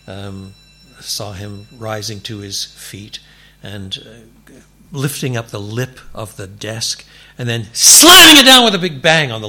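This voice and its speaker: A man preaching a sermon in a church, animated and building to emphatic declarations. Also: fairly low pitch, a little hiss or hum. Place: church before a congregation.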